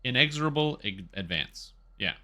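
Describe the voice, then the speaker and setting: A man streaming a game, rambling through casual commentary, getting excitable and swearing casually. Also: mid-range voice, moderate pace, slight background noise.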